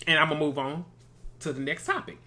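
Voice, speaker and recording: A man runs a reality TV recap, chatty and sassy. His voice is bright and forceful, and he keeps calling his listeners baby and girl. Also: on the high side, fairly even intonation, quick pace. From Mississippi. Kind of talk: casual review commentary.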